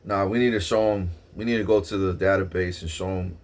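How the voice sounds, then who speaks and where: In a brisk vlog, a man whose voice sits low rambles through a long story about himself. He gets worked up, curses a lot, and repeatedly starts his sentences over.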